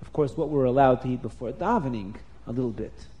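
A man telling a story to children, animated and stopping to explain words. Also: medium pitch, fast, slight background noise.

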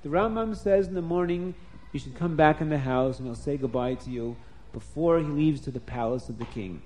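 A man's voice: on the high side, brisk, a little mellow, a little hiss or hum, natural voice. A man voicing a male household servant who gives plain, matter-of-fact instructions.

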